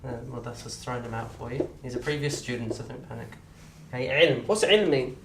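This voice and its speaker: A man with a southern English accent teaching an Arabic course in a lecture room. He talks in a lively way, quizzes the audience and acts out little scenes. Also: medium pitch, brisk, background noise. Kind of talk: lecture to an open day audience. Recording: roomy echo from a distant mic.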